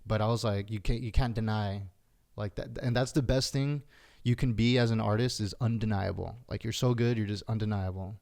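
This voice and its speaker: A man with a smooth, resonant voice hosting a relaxed podcast conversation. He talks loosely and casually, dropping in "like" and "dude" as he goes. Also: on the low side, fairly quick. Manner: laid-back, uses "like" and "dude" often. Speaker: podcast host. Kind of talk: casual chat.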